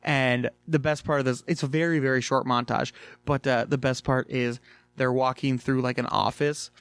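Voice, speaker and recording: A man recaps a cartoon episode in an easygoing, excitable way, peppering it with fillers and swear words. His voice sits mid-range, and the recording is completely dry and close. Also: medium pitch, normal speed, clean tone, no room sound. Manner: animated, chatty, swears freely, many fillers. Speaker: video reviewer. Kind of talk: casual review chat.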